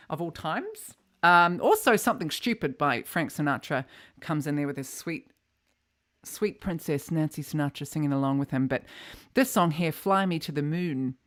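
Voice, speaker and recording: A woman's voice: fairly low pitch, fairly bright tone. A woman with a New Zealand accent hosting a music livestream, chatting casually between songs with plenty of ums and uhs. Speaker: music show host. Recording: faint guitar music behind.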